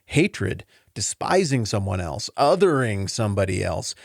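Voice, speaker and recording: Animated, earnest male Bible podcaster. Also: a little slow, vocal fry, no echo, studio quality. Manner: earnest, rambling and openly emotional; conversational with lively pitch swings. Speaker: podcast host and Bible teacher. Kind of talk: casual Bible teaching podcast.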